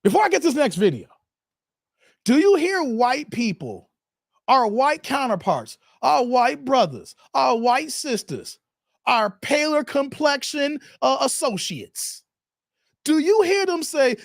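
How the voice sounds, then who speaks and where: Animated high-voiced man ranting on a stream. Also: a little slow, no echo, studio quality. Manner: animated, swings between shouting and muttering, reads chat aloud. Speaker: live-stream host. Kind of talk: ranting live-stream commentary.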